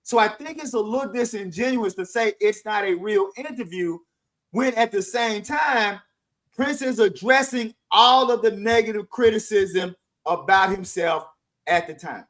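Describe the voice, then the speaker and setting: Brief: middle-aged male podcast co-host with a high voice, forceful and insistent, stacking restarts as he argues. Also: measured pace, poor audio. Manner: emphatic, animated, repeats words while building a point. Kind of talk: casual discussion.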